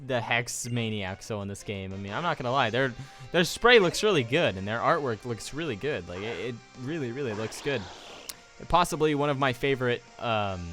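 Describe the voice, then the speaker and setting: A man's voice: medium pitch, fairly bright tone. Young man rambling through game commentary. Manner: rambling, joking, reads game text aloud. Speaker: let's play commentator. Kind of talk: casual gameplay commentary. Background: faint game music.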